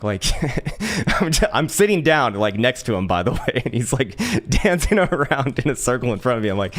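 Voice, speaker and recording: Speaking quite quickly in a mid-range voice, this channel host from San Francisco, USA, relaxes into a casual personal anecdote. Expect plenty of profanity, stumbles where words repeat, and frequent laughter.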